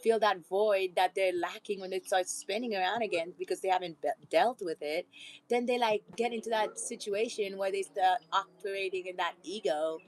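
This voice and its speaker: A woman's voice: medium pitch, normal speed, slight background noise, rough recording. A woman vlogger giving a rambling, casual motivational talk, with frequent laughter and preachy asides.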